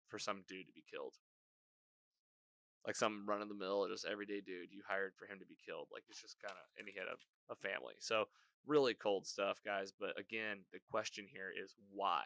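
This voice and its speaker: Rambling low-voiced man recapping a show. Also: pushed and bright, dry recording. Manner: rambling, filler-heavy storytelling with quick voiced quotes. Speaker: podcast host. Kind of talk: casual recap chat.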